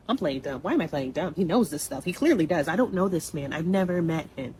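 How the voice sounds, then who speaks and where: A young woman telling a personal story in a blunt, animated, conversational way, full of asides to the listener. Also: deep voice, fast talker, hardly any pauses, a little hiss or hum, rough recording.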